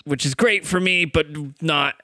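A man's voice: fairly high pitch, a little slow, bright, forceful tone, no echo, studio quality. A man running a tabletop game as game master, narrating casually with loose, rambling phrasing. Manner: loose, casual, full of fillers and restarts.

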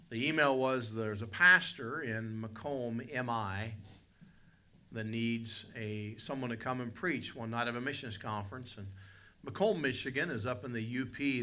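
A pastor from West Virginia, preaching a sermon and telling a story, moving between soft reflective passages and loud emphatic ones. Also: male voice, mid-range voice.

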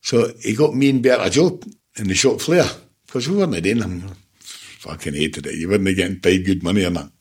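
A man's voice: low voice, animated, brisk, slightly rough. A Scottish man in his seventies, a former football manager, telling stories in a casual interview, blunt and swearing freely with laughs between. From Scotland. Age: 70s.

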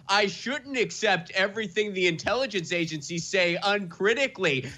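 A man's voice: high-pitched, very animated, unhurried, few pauses, sharp tone. A male comedian guest on a podcast, ranting in a mocking, profane, sarcastic way.

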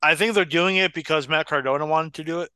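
A man's voice: a little high, fast, pushed and bright, clean tone, dry recording, studio quality. A man co-hosting a casual podcast watchalong, argumentative and joking as he talks over a match. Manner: argumentative, joking, breaks into laughter. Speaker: podcast co-host.

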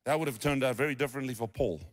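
A man's voice: mid-range voice, rapid-fire. A male pastor, preaching a sermon in a conversational, playful storytelling manner. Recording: long reverb of a large hall.

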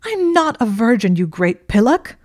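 A woman reading the part of an indignant, sharp-tongued young woman librarian, emphatic and exasperated. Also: fairly low pitch, animated, a little fast, dry recording, studio quality. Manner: exasperated, emphatic, rising to near shouts.

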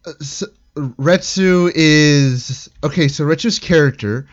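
A man's voice: fairly high pitch, slow pace, highs cut off. A man chatting casually about a TV show, hesitant at times, dropping dry joking asides. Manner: hesitant, dry jokey asides, laughs at his own remarks. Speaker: co-host discussing a TV show. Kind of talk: casual chat.

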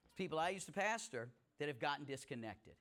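A man's voice: fairly high pitch, animated, fast, a bit bright. A middle-aged male pastor preaching a sermon in a conversational way, with folksy asides and rising emphasis.

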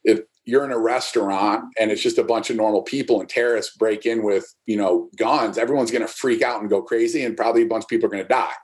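A man's voice: on the low side, steady tone, quick pace, hardly any pauses, a little mellow. A man who coaches strength and fitness, explaining his ideas emphatically in a podcast interview and often checking in with "right?".

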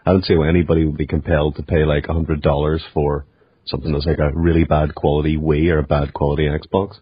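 A man with a very deep, husky voice talks fast and bluntly on a gaming podcast. His manner is dry and pessimistic. The sound is dull lo-fi call audio and dry. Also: flat delivery, no room sound. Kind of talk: casual gaming podcast chat. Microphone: online call.

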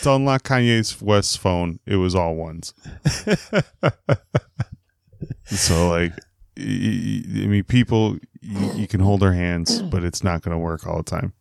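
Sardonic low-voiced male co-host. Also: measured pace, gravelly, long pauses, a little mellow, no echo, clean studio sound. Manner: sardonic, profane, laughing. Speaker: podcast co-host. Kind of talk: casual podcast chat.

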